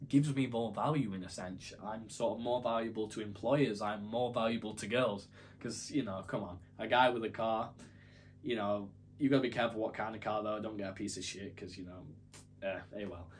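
A man's voice: fairly low pitch, moderate pace, slight background noise. A young man telling a story to camera in a casual, rambling, self-deprecating way. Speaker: YouTuber.

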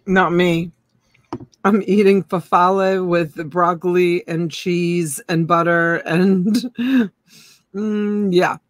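Slow, earnest woman chatting. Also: fairly low pitch, steady tone, no echo. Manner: slow, earnest, talks with her mouth full. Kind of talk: casual live-stream chat.

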